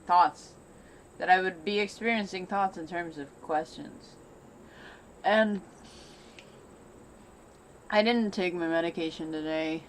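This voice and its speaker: A woman's voice: on the low side, slow pace, long pauses, a little hiss or hum. Anxious rambling woman talking to herself. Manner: anxious, rambling, repeats phrases over and over. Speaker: vlogger. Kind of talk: unscripted self-filmed monologue. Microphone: self-filmed camera.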